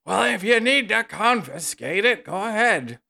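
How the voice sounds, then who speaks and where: A man's voice: high-pitched, expressive, unhurried, creaky, sharp tone, voice pushed up, exaggerated voice. A man voicing a nervous, folksy old male villager who stammers through cheerful excuses. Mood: nervously cheerful.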